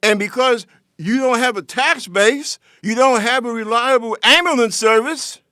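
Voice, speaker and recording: A man's voice: very high-pitched, moderate pace, pushed and bright, clear, resonant tone, no room sound. A man hosting his own show, giving an impassioned, confrontational political commentary that speaks straight to his listeners. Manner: lecturing, confrontational, addresses listeners directly.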